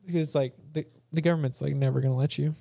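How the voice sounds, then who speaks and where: A man's voice: fairly high pitch, steady tone, rapid-fire, vocal fry, mellow, no echo, clean studio sound. A man co-hosting a podcast in casual chat, rambling and joking with frequent laughs. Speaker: podcast co-host.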